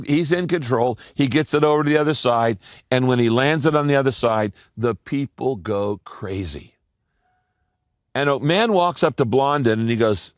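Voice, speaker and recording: A man preaching a sermon as a pastor, telling stories, speaking straight to his listeners, repeating key lines and dropping his voice low to press a point home. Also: brisk, no echo, clean studio sound. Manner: earnest, direct address to listeners.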